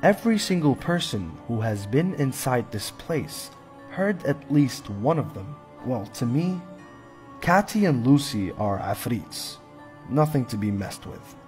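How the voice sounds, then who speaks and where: A man narrates a scripted countdown of haunted places, his voice rising and falling in a lively way. He sounds dramatic and spooky, with faint music underneath. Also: mid-range voice, a little slow.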